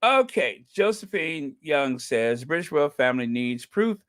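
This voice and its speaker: A man's voice: a little high, very animated, measured pace, dry recording, studio quality. A man hosting a podcast, chatting casually and reading out viewer comments, with frequent ums and uhs and repeated phrases for emphasis. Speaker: podcast host.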